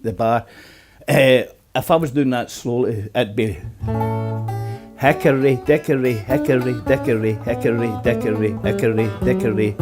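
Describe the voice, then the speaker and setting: A man's voice: lowish voice, darkish tone. A middle-aged man giving a casual guitar lesson at home, chatting loosely and counting beats aloud. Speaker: guitar teacher. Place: apartment. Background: guitar playing.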